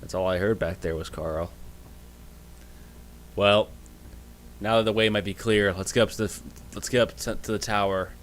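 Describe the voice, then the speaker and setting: Low-voiced man running a tabletop game. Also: steady tone, moderate pace, long pauses, slight background noise. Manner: loose, improvised narration with self-corrections. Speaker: game master. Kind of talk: narrating a tabletop game on a livestream.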